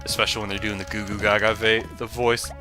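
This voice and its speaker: A man with a somewhat low voice rambles through casual gameplay commentary. He keeps drifting into side stories, with game music playing clearly behind him. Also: completely flat delivery, racing, pushed and bright. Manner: rambling, chatty, drifts into tangents. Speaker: let's play commentator.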